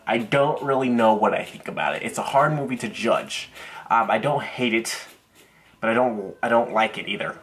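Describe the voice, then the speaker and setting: A young man talks through a film review in a loose, unscripted way. He hesitates often, repeats himself and circles back with plenty of ums and uhs. His pitch sits right in the middle for a man. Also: normal speed, fairly bright tone. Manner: rambling, hesitant, many fillers and restarts. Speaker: movie reviewer. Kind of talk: casual video review.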